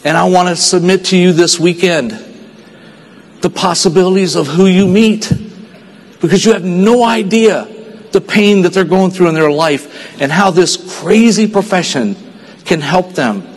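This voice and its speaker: Man from texas, motivational stage speaker, fairly high voice, earnest storytelling, long hall reverb. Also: normal speed. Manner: earnest storytelling, dropping quiet for sad moments. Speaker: speaker at a sales convention.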